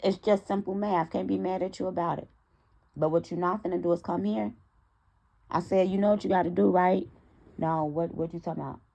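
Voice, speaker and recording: Young woman, low voice, gravelly fry, casual storytime vlog, animated, talks straight to viewers. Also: a little fast. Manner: animated, talks straight to her audience, acts out quoted dialogue. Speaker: storytime vlogger.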